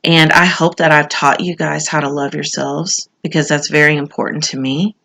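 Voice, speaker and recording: A woman giving a casual tarot reading in an earnest, reassuring way, repeating phrases for emphasis with frequent pauses. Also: low voice, fairly even intonation, gravelly, bright, forceful tone. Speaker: tarot card reader.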